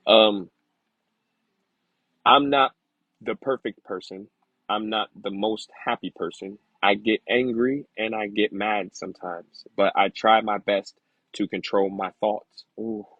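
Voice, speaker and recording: A man reading aloud slowly, sounding out hard words, then talking candidly and casually about his past. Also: fairly low pitch, steady tone, no room sound, highs cut off. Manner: slow halting sounding-out of words, then candid rambling asides. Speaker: vlogger learning to read.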